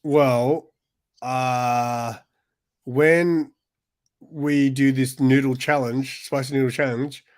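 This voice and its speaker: A man's voice: medium pitch, steady tone, slow, darkish tone. A young man co-hosting a casual podcast chat, telling rambling stories full of restarts and fillers. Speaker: podcast co-host.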